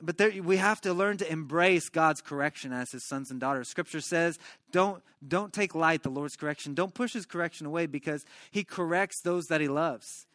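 A man preaching a sermon as a pastor, telling a story in an animated way and tossing in "right?" asides. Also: a little high, moderate pace, hardly any pauses, no room sound, clean studio sound.

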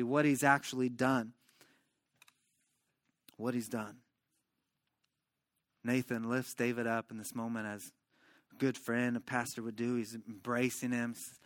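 A man preaching a sermon as a pastor, telling a story in an animated way and tossing in "right?" asides. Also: medium pitch, moderate pace, dry recording, clean studio sound.

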